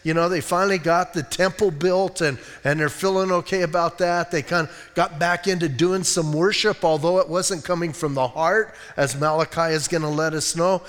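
A man's voice: a little high, fairly even intonation, moderate pace, few pauses, a bit bright, long reverb tail. A middle-aged man preaching a casual, conversational sermon as pastor, folksy, with many fillers and restarts. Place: church sanctuary.

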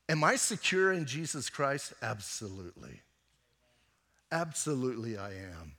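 A man who is a pastor, preaching a sermon and telling a personal story in a conversational way, moving between emphatic and hushed delivery. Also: fairly high pitch, in a large hall.

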